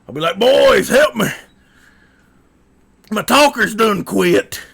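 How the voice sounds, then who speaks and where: A boastful, gravelly lumberjack of a man, as a streamer puts him on, rumbling his words with an exaggerated manly drawl. The voice sits a touch high for all its swagger and crawls along slowly, with plenty of rough fry in it. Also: pushed and bright, exaggerated voice. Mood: macho. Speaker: livestream host.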